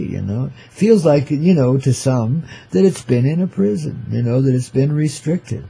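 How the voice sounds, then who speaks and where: An older host with vocal fry and a warm, breathy, medium-pitched voice drifts through a relaxed rhyming monologue on his show. Full of hip slang, he chuckles between lines and calls his listeners "man" and "babies."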